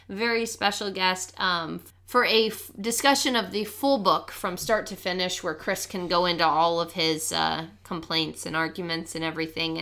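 A woman's voice: medium pitch, bright, forceful tone. A woman hosting a podcast, chatty and playful, rambling through casual talk and sign-offs. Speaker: podcast host. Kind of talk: casual chat.

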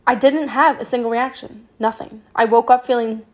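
A young adult woman hosting a podcast, telling personal stories in a casual, animated way, full of "like" and the odd swear word. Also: a little high, normal speed. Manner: chatty and animated, with frequent "like", swearing and laughter. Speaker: podcast host. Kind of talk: casual storytelling monologue.

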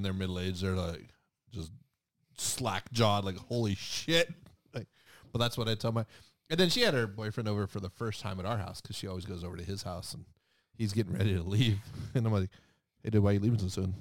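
A man's voice: fairly low pitch, a little fast, no echo. A man chatting casually as a co-host, a father who teases with dry humor and laughs often. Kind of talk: casual profane chat.

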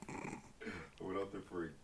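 A man's voice: deep voice, fairly even intonation, slow. A young man from Brooklyn, a podcast guest, telling stories in a laid-back, laughing way. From Brooklyn, USA. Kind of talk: casual chat. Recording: distant mic with faint hiss.

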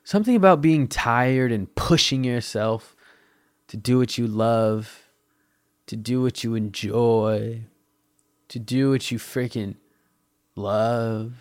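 A man's voice: medium pitch, slow, pauses often, dry recording, clean studio sound. A man hosting his own podcast in a crude, giddy, rambling, self-mocking monologue into his microphone. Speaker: podcast host.

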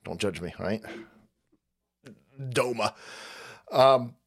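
A man hosting a livestream, ranting about politics in a profane, animated way with frequent laughter. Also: medium pitch, extremely slow, vocal fry. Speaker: livestream host.

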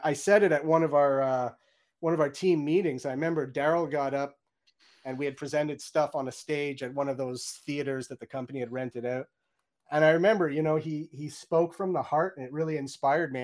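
A middle-aged man, a game audio director, chatting in an interview and acting out his own reactions in quoted lines. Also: fairly high pitch. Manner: fast, chatty, many "you know"s and restarts. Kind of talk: candid interview storytelling.

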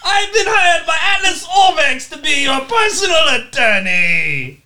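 A man voicing a pompous, overeager male lawyer who talks loudly and showily. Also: very high-pitched, big pitch swings, measured pace, very noisy, voice pushed up, heavily acted. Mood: boastful. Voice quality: loud, shouty, showy.

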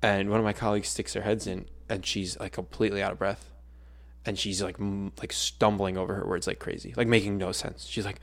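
A young man with a low, gravelly voice, chatting casually on a podcast. He tells his story with energy and jumps into loud, acted-out quotes of the people in it. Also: a little fast. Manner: animated storyteller, acts out quotes loudly. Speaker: podcast co-host, schoolteacher.

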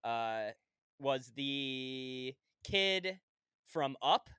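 Bright-voiced American podcast guy. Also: medium pitch, expressive, drawn-out words, clean tone, no room sound, clean studio sound. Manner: laid-back, profane banter. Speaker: podcast co-host. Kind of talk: casual chat.

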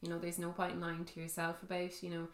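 A woman co-hosting a podcast in casual chat, agreeable and quick to laugh. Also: on the low side, completely flat delivery. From Ireland. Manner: chatty, agreeable, laughs often. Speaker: podcast co-host. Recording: echoey room.

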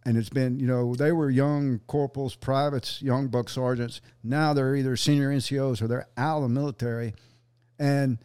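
This sniper instructor, a guest on a casual podcast, shares earnest war stories in a mid-range, slightly mellow voice. He swears freely and performs the dialogue he quotes.

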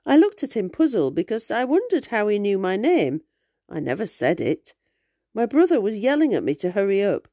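A woman reading a scary true story aloud, telling it in a measured, expressive way. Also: on the low side, no room sound, clean studio sound.

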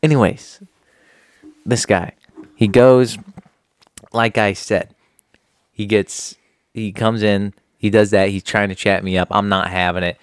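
Laid-back low-voiced man telling a story. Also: steady tone, unhurried, pauses often, clean tone, dry recording. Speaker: sandwich shop worker. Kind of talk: casual storytelling chat.

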